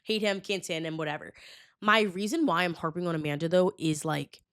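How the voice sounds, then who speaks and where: A woman's voice: on the low side, fairly even intonation, fairly quick, clean tone, no room sound, clean studio sound. A woman in her twenties hosting a casual solo podcast, chatty and dramatic, full of "like" fillers. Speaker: podcast host. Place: New York.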